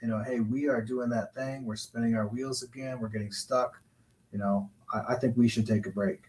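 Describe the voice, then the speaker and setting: A man speaking as a guest counselor, explaining relationship advice in a measured, reflective way. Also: medium pitch, steady tone, a little mellow, rough recording. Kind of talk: calm advice-giving talk.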